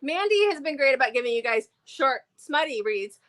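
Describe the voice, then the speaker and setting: A woman's voice: high-pitched, very animated, normal speed, a bit bright. A woman co-hosting a casual book review chat, enthusiastic and chatty, with plenty of fillers.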